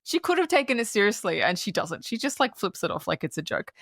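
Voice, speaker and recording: A woman co-hosting a podcast in casual film-review chat, retelling scenes in an animated way with frequent laughs and swearing. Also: medium pitch, fast, dry recording, studio quality. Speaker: podcast co-host.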